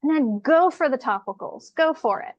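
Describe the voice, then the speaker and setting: A woman's voice: high-pitched, moderate pace, dry recording, dull audio. Dry, close-sounding woman explaining skincare. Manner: lively, animated, acts out quoted complaints. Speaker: skincare educator guest. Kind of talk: casual conversation.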